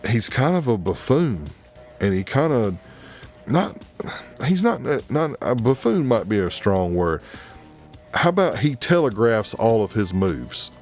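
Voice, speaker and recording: A man hosting a podcast, giving a casual, profane and animated movie review with plenty of exasperation. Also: fairly low pitch, unhurried, faint music behind. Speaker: podcast host.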